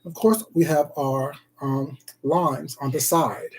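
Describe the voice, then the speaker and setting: A man's voice: fairly high pitch, steady tone, takes it slowly, slightly rough. A man hosting a casual eating livestream, chatting with viewers, calling them baby and sweetheart, and humming while he eats. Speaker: food vlogger on a live stream.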